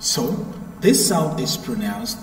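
A man leads an English pronunciation lesson in a slightly high voice, taking his time. He repeats points to drill his students. The sound is distant and roomy, with a long echo and a faint background hum. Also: very animated, takes it slowly. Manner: patient, repeats himself, drills the class. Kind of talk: live classroom lesson. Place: echoey classroom. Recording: roomy, echoey, from far off.

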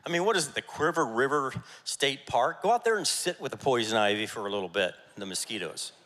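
Bright-voiced pastor preaching in a church. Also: male voice, mid-range voice, fast. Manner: energetic, jokey, rallying the congregation. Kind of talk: sermon. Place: church sanctuary. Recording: church hall reverb.

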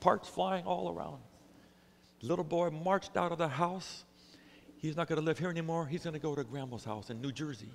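A male pastor tells a story in an animated way during a sermon. His voice is high and gravelly, with a sharp brightness. A long reverb trails after each phrase. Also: fairly quick. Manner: animated, acts out the characters in the story.

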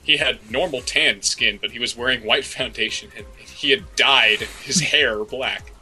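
A man co-hosting a comedy podcast, reading a story aloud in a deadpan way. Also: mid-range voice, measured pace, poor audio. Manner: deadpan, breaks into laughter. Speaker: podcast co-host. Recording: faint music bed behind.

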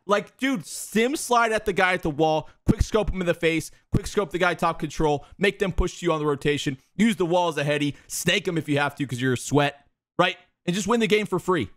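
A man's voice: sits high, fairly bright tone, no echo, studio quality. Exasperated young man coaching gameplay, cursing. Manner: profane, exasperated, repeats words rapid-fire. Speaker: streamer coaching viewers. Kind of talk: live gameplay coaching commentary.

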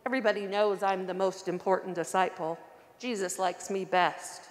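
A woman's voice: mid-range voice, fairly even intonation, normal speed, long reverb tail, lightly acted. A boastful disciple, as a woman reads him. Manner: bragging, self-important. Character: boastful male disciple, proud and pushy. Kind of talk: children's story read aloud in church.

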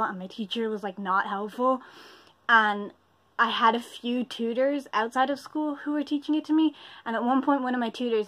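Young Irish woman, twenties, vlogger talking from bed, a little high-pitched, chatty and self-deprecating. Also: a bit bright. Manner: rambling, self-deprecating, full of fillers. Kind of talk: casual chat to camera. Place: bedroom, in bed.

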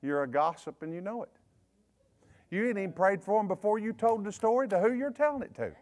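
High-voiced Southern preacher man. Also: expressive, a little mellow. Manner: folksy, joking preaching with quick asides and laughs. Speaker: bishop preaching. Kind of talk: sermon. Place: church service.

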